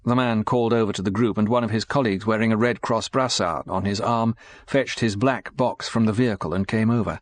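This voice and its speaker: A male audiobook narrator reading in a measured, even way. His voice sits on the low side, and the recording is dry and close with no room sound. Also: dry recording. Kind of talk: scripted narration.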